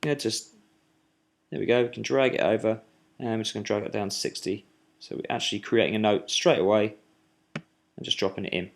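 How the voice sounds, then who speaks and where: A man giving a screen-recorded music software tutorial, talking while he clicks, with fillers and restarts. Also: lowish voice, fairly even intonation, fairly quick, creaky, pauses often.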